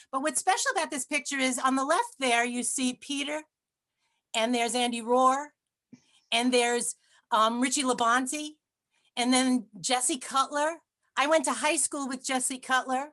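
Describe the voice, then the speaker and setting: A woman's voice: high voice, fairly even intonation, normal speed, fairly bright tone, low-quality recording. A woman reminiscing casually and rambling as she shows an old cast photo on a video call. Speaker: reunion participant sharing photos. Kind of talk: casual reunion chat.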